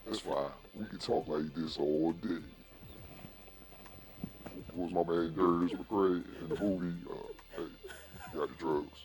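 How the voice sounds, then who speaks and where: Man, podcast co-host, software-deepened voice, playful and slow-drawling. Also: fairly even intonation, music in the background. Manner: playful, hamming it up. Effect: software bass boost on voice. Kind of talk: joking casual chat.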